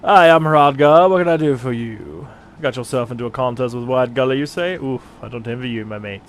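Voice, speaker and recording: A man's voice: medium pitch, fairly quick, natural voice. A man voicing a boastful male gladiator who rambles, in a mock British accent that drifts toward Southern. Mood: hearty. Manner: rambling, hearty. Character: boastful male gladiator, mended, eager for glory.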